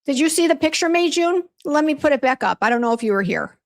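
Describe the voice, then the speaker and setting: A woman's voice: high voice, animated, quick pace. A woman chatting casually on a livestream, venting about a bad hair appointment while greeting viewers by name, with many fillers and restarts. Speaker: beauty brand owner hosting a livestream. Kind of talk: casual livestream chat reading viewer comments.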